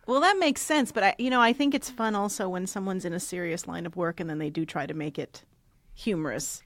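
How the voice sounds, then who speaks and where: A woman in her forties hosting a podcast in a studio, chatty and quick to laugh. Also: on the low side, no room sound. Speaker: podcast host. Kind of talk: casual podcast chat.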